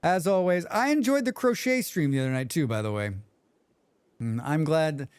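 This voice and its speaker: A man's voice: a little high, expressive, normal speed, a little mellow, clean tone, dry recording. A man streaming a game, chatting with his viewers in a joking, rambling way and humming to himself. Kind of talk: casual livestream chat.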